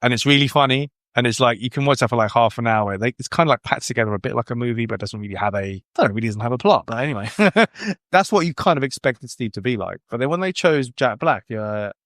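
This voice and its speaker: A man's voice: medium pitch, quick pace, hardly any pauses, fairly bright tone, no room sound, studio quality. A British man hosting a casual podcast chat, talking in a chatty way and reeling off facts and figures. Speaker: podcast host.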